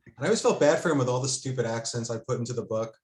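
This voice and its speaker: An author appearing as a guest talks about his own work in a casual conversation, his medium-pitched voice very fast, a little mellow, and lively in intonation. He's hesitant, full of ums, fillers, and restarts, and the recording has a roomy echo.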